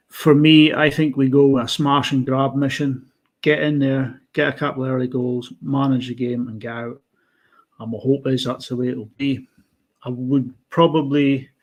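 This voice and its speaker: A man co-hosting a casual football podcast, giving blunt and animated opinions. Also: mid-range voice. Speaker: podcast co-host.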